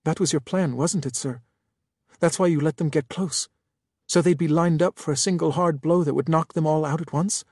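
A man voicing a young woman sensor officer who reports quickly and eagerly in an audiobook. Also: a little high, darkish tone, no echo, studio quality, voice pushed up. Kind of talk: audiobook character voice.

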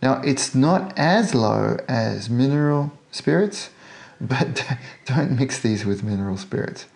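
Gravelly Australian man explaining model painting. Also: mid-range voice, expressive, takes it slowly, a little mellow. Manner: chatty, jokey, self-deprecating asides. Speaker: scale model painting tutor. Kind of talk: casual tutorial narration while painting.

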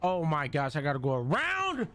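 A young man giving casual gameplay commentary, jumpy and loud, repeating exclamations and slang as he plays. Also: a little high, huge pitch swings, normal speed, soft background music. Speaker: gaming streamer.

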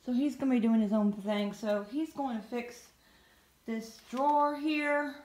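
A woman's voice: a little high, fairly even intonation, measured pace, a little mellow. A middle-aged woman with a Southern accent, chatting casually and rambling as she vlogs her day. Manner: chatty, rambling, self-mocking. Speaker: home vlogger. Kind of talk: casual vlog chat.

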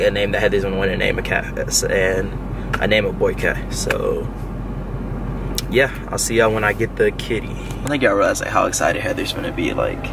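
Young man, low voice, casual slangy vlogger; the mic sits far off, with clear street and car noise behind him. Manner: casual slangy, says y'all and finna a lot. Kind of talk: casual vlog talk to camera. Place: in a car and outdoors.

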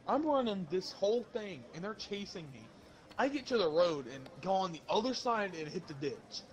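A man chats with his friends and tells a story from his childhood, building the suspense as he goes. His voice sits a little higher than most men's. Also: expressive, normal speed. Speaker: channel host.

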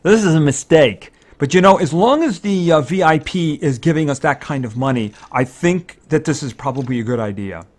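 Excitable man thinking aloud over a game. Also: on the high side, normal speed, hardly any pauses. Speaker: let's-play commentator. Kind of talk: casual gameplay commentary.

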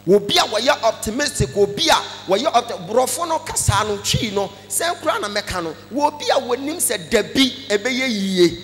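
A Ghanaian man preaching a sermon, animated, mixing Twi with English phrases and breaking into shouts. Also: extremely high pitch, normal speed, hardly any pauses, in a large hall, faint music behind. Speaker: pastor.

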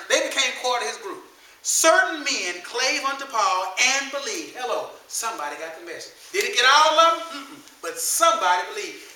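A male pastor preaching in an animated, colloquial way, with a high and very bright voice. He shifts between loose everyday speech and King James scripture and calls out to his congregation. The recording is echoey and distant, with faint room ambience. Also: a little hiss or hum. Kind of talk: sermon. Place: church sanctuary.

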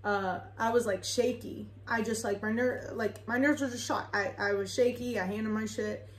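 A chatty young woman vlogger rambles through a casual storytime in an echoey room, swearing freely and leaning heavily on fillers. Her voice is a little high, with a steady tone and normal speed.

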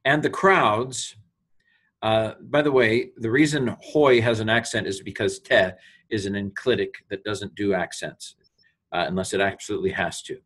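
A man with a somewhat low voice teaches a Greek text in a loose, unscripted way. He stops often, repeats himself, and pauses with fillers as he explains grammar. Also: steady tone, fairly bright tone. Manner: halting, many fillers, rises on quoted Greek. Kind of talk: informal teaching walkthrough.

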